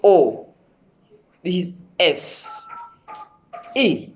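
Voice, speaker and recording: A man's voice: high-pitched, sing-song, extremely slow, breathy edge. A man teaching a televised lesson, repeating himself and often checking that viewers follow. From Kenya. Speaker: sign language teacher.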